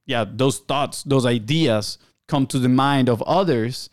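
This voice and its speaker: Relaxed man joking on a dry mic. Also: mid-range voice, a little slow, no room sound. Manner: loose and joking, many fillers and "right?". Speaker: podcast co-host. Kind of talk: casual podcast chat.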